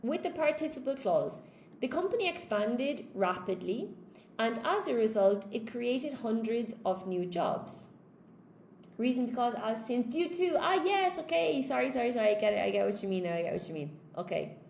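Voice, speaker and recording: Irish lady from cork doing a live grammar class, kinda high voice, echoey room. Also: expressive, normal speed, creaky, a little mellow, slight background noise. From Ireland. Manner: chatty, checks in with "okay?" and greets viewers by name. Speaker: English teacher. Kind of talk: live-streamed grammar lesson.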